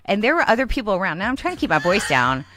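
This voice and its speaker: A woman's voice: mid-range voice, rapid-fire, a little hiss or hum. A woman co-hosting a talk show, telling a funny travel story in casual chat and acting out the voices of the people in it. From Texas. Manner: animated, laughing, acts out quoted dialogue. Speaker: radio show co-host.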